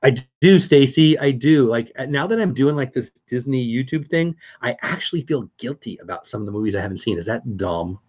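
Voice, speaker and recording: A man's voice: medium pitch, expressive, fairly quick, few pauses, darkish tone, lo-fi sound. A middle-aged man hosting a casual live stream, chatting upbeat with viewers and answering their comments.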